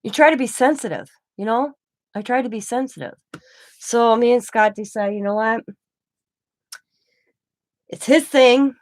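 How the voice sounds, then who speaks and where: Chatting casually to camera, a middle-aged craft channel host tells a rambling family story packed with quoted back-and-forth. Her voice is slightly high and unhurried, with long pauses and no echo.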